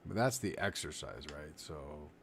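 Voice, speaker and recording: Man, very deep voice, casual live-stream teacher, rambling, faint hiss. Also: measured pace, gravelly. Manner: relaxed, rambling, demonstrates while talking. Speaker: livestream meditation teacher.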